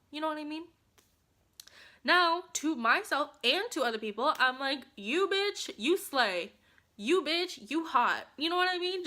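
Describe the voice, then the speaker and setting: Young female vlogger, high bright voice, chatty and encouraging, self-help talk. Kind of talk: casual self-help vlog.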